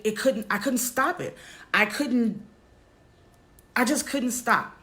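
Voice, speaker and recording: Halting, candid woman vlogger. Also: medium pitch, a bit bright. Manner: halting, repeats words, speaks straight to viewers. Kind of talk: candid personal storytelling to camera.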